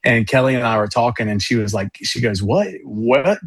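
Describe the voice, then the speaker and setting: Male musician guest, low voice, monotone delivery, rambling enthusiastic storyteller. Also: quick pace, dry recording. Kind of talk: casual interview chat.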